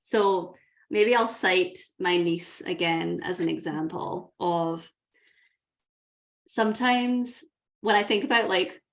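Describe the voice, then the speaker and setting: Scottish woman, 30s, coach guest; lower voice, earnest reflective storytelling. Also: slow. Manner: earnest, vivid, uses imagery.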